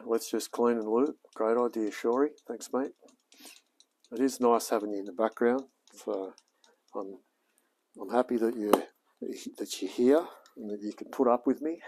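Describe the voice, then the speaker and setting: A man's voice: medium pitch, a little mellow. A man in his forties with an Australian accent, chatting casually to a live stream audience while working on a car, rambling and saying mate often. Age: 40s. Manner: rambling, talks to chat, says mate a lot. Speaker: livestreamer mechanic. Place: garage workshop.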